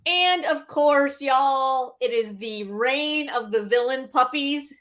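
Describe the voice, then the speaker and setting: Woman, casual chat, animated, fairly high voice. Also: slow. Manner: animated, laughing, acting out scenes with quoted voices. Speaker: podcast co-host.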